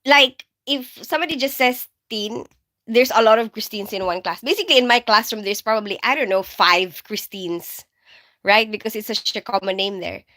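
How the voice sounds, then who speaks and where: A woman's voice: medium pitch, normal speed, bright, forceful tone. A woman hosting a casual live stream, reading viewer comments aloud and chatting in a rambling way, laughing often. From Philippines. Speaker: livestream host and nurse.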